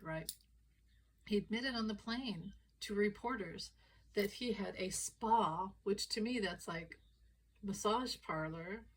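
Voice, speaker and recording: A woman's voice: on the low side, breathy edge, low-quality recording. A woman giving casual political commentary, retelling stories animatedly and acting out the quoted lines. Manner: animated storyteller, acts out quoted dialogue.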